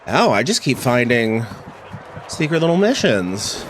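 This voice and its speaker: Casting: easygoing, chatty male game streamer, mid-pitched. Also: sing-song, unhurried, soft background music. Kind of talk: casual let's-play chat.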